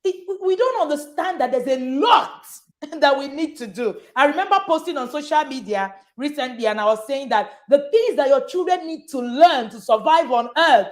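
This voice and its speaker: Woman, high voice, emphatic, repeats slogans, laughs often, parenting host. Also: lively intonation, moderate pace. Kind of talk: live online session chat.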